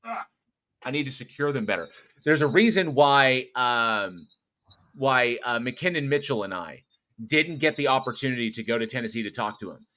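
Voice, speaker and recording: A man hosting a casual livestream, chatting and getting animated as he tells stories. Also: medium pitch, normal speed. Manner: excitable, animated when telling stories. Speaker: host.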